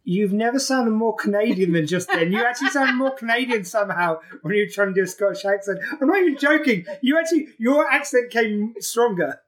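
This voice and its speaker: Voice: medium pitch, animated, brisk, hardly any pauses. A podcast host chatting casually, laughing and swearing freely. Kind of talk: casual chat.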